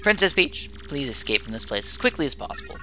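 A man voicing a dutiful male base computer with a conscience, speaking in a stiff, formal, measured way. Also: a little high, very animated, pushed and bright, a little hiss or hum, pitched above the performer's own voice. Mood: solemn.

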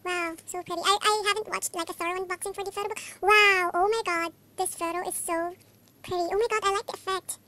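A young woman from the Philippines chatting through a fan unboxing, gushing and excitable, with constant exclamations. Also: very high-pitched, fast talker. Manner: gushing, excitable, many oh-my-gods. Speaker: vlogger. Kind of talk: casual unboxing chat. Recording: faint background noise.

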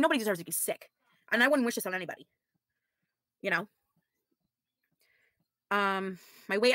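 A weary woman in her thirties chats casually on a livestream, reading viewer comments aloud. She speaks bluntly and sighs often, sounding worn out. Her voice sits at an ordinary middle pitch, with dry, close sound. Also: bright, forceful tone, no echo. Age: 30s. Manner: frank, blunt, sighing, with mild swearing. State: tired, weary.

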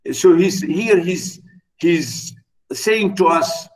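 A male teacher lectures his literature class in an unhurried, drawn-out way, stressing and repeating his words. His voice sits somewhat high, and he is picked up from a distance, as if the mic is across the classroom. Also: expressive. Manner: emphatic, repeats words, many "you know" fillers.

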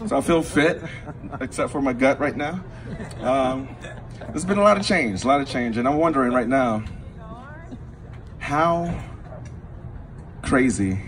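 A young man from Queens, New York, doing a loose, rambling stand-up set with crowd work and frequent laughs. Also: medium pitch. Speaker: stand-up comedian. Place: small backyard show with a live crowd. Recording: live audience laughing behind.

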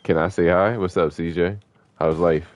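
A man with a low, deep voice talks through an online gunfight as he plays. His speech is loose, slangy trash talk that breaks into excited yelps. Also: moderate pace, lo-fi sound. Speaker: gaming streamer. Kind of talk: live gameplay commentary.

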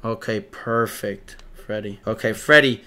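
A man playing a strict football club manager in a comedic mock interview, demanding and swearing, breaking into loud rants. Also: on the low side, measured pace.

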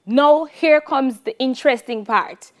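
A Jamaican woman leads a televised classroom music lesson. Her voice sits high, and she takes an unhurried pace. She chants song syllables and claps out rhythms for her students to copy. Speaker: music teacher.

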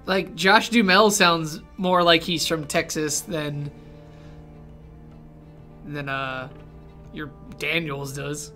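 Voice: medium pitch, steady tone, slow pace, long pauses, pushed and bright, faint music behind. A game streamer giving casual, joking commentary while playing, often poking fun at the voice acting. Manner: joking, laughing, doing bad impressions.

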